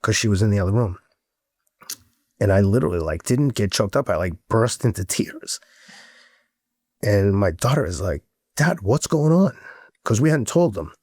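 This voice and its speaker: Middle-aged male guest, low-pitched, frank and earnest, swears casually; dry, close recording. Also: expressive, normal speed, long pauses, a little mellow, husky, dry recording. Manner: blunt and frank, swears freely; earnest storytelling with rising emotion. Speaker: podcast guest. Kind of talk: candid casual interview talk.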